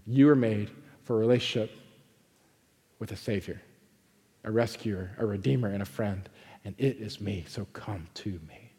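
A man preaching a sermon as a pastor, swinging between forceful emphasis and hushed pleading. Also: medium pitch, in a large hall.

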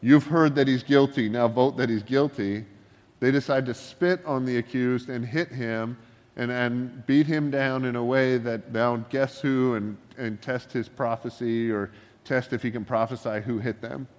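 A man preaching a sermon in a relaxed, joking, conversational way, full of asides and wry humor. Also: mid-range voice, a little slow, long reverb tail. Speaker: pastor.

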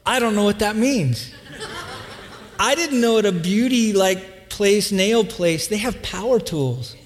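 A man's voice: high-pitched, lively intonation, a little slow, background noise. A man in his thirties, a pastor, telling a funny family story in a sermon to a live congregation and acting out the voices of his family. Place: church hall with live audience. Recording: long hall reverb.

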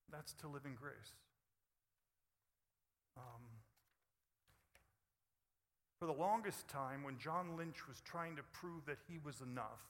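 A man preaching a sermon, moving between hushed, intimate passages and loud, emphatic bursts. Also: fairly high pitch, long reverb tail. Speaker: pastor.

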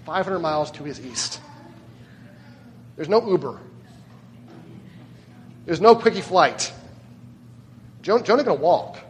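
A man's voice: fairly high pitch, very animated, slow pace, long pauses, big-room sound, a little hiss or hum. A man preaching a sermon as pastor, conversational and often putting questions to the congregation. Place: church.

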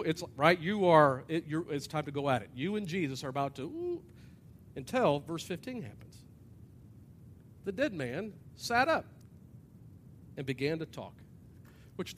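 Man preaching, animated, loud then hushed, slightly high voice, faint low rumble behind. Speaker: pastor. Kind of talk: sermon. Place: church hall with an audience.

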